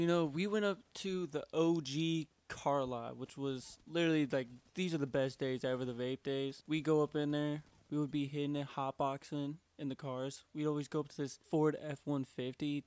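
A man's voice: mid-range voice, darkish tone, clear, resonant tone, no room sound. A young man casually telling a story to camera, full of slang, swearing and fillers like "like" and "dude". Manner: slangy, profane, keeps saying like and dude. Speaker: vlogger.

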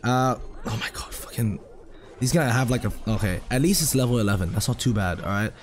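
A hoarse young man giving excitable, self-mocking live commentary while playing a mobile game, swearing often. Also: mid-range voice, a little fast, slight background noise. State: hoarse, recovering from a lost voice.

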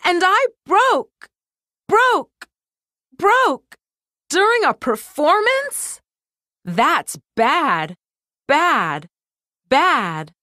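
A woman's voice: extremely high pitch, very animated, drawn-out words, long pauses, bright, forceful tone, clean studio sound, voice pushed up, full character voice. A woman voicing a fretful toy microphone that stutters. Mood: distressed. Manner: repeats words in an echoing stutter. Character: fretful female toy karaoke microphone, stuck repeating.

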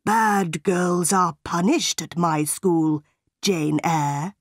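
A woman reading a slow, stern, cruel schoolmaster. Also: on the low side, steady tone, no echo, studio quality. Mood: threatening. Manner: slow, solemn and threatening.

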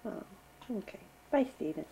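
A woman's voice: mid-range voice, animated, moderate pace, gravelly, dark tone, a little hiss or hum, poor audio. A mother filming her baby at home, talking to him in a cooing, teasing, sing-song baby voice. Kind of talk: baby talk to an infant. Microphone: handheld home video camera.

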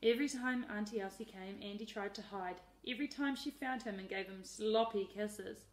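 A woman teacher reading a picture book aloud in a lively, expressive way. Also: medium pitch, moderate pace. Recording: roomy echo.

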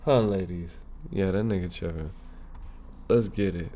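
Chill guy reacting to a clip, real slow, mellow dark voice. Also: low voice, a little hiss or hum. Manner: slangy, laid-back, talks back at the clip. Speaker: reaction video host. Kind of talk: casual reaction commentary.

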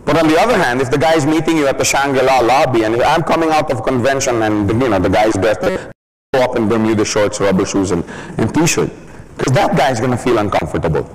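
A business trainer with a mid-range voice talks a little fast in a casual training session, joking, laughing often and saying "you know" a lot. The recording is rough.

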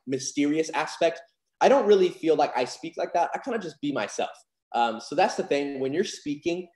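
A man's voice: a little high, darkish tone. A young man teaching card magic in a casual, upbeat and confident way, with lots of fillers. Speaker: magic instructor. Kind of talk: casual online lesson. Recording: echoey room.

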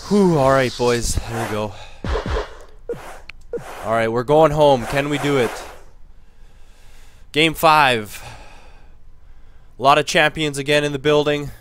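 A man giving casual commentary over a hockey video game he is playing, muttering low between plays and getting louder when he cheers. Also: steady tone, slow, pauses often, background noise. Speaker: gaming commentator.

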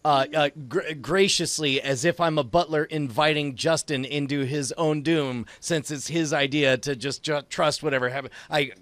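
A man's voice: fairly high pitch, steady tone, moderate pace, few pauses, a bit bright, dry recording. A man playing a tabletop game, stammering and sarcastic as he describes his character's actions. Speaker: player. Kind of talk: tabletop role-play banter.

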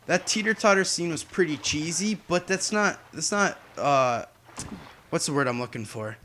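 A man's voice: a little high, animated, moderate pace, sharp tone, slight background noise. A young man giving casual, chatty gameplay commentary as a YouTuber, humming and drifting off topic. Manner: chatty, distracted, hums to himself. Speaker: gaming YouTuber.

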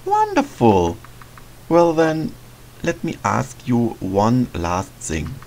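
A man voicing a lonely, motherly female witch in a game, speaking softly and hesitantly. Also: mid-range voice, huge pitch swings, takes it slowly, exaggerated voice, poor audio. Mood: tender. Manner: soft, motherly, hesitant, sighing. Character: lonely, gentle female forest witch, middle-aged. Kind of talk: reading game dialogue aloud in a let's play.

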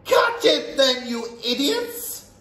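A man's voice: huge pitch swings, takes it slowly, a bit bright, exaggerated voice. A man voicing a cruel female witch leader who shrieks orders while reading a storybook aloud. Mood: commanding. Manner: shrill, barking orders. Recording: roomy echo, faint hiss.

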